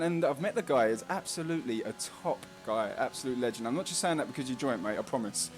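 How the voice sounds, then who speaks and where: A man's voice: medium pitch, expressive, fast talker, few pauses, faint music behind. A man with a Cockney accent giving casual, jokey live race commentary, laughing often.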